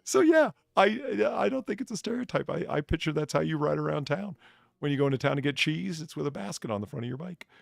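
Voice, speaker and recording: A man's voice: on the high side, expressive, fast talker, gravelly, dry recording, clean studio sound. A man hosting a casual chat, telling stories animatedly and laughing often. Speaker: streamer bartender host.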